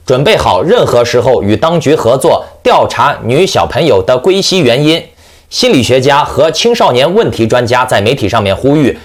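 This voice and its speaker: Animated male political commentator. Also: medium pitch. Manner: exclamatory, emphatic, talks of himself in the third person.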